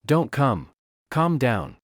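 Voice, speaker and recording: A man's voice: mid-range voice, very animated, slow, dry recording, studio quality. A man voicing a panicked young man who pleads and backs away in flustered bursts in a storybook recap. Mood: alarmed. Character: panicked young man fleeing an unwanted suitor.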